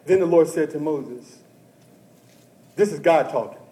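A male pastor preaching a sermon who talks straight to the congregation and swings from hushed talk to shouting. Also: on the high side, a little slow, roomy sound, low-quality recording. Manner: addresses the congregation directly and often.

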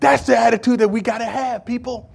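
A man preaching a sermon in church, emphatic and full of rhetorical questions, swinging from shouts to hushed asides. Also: extremely high pitch, fairly even intonation, a little fast, gravelly, husky.

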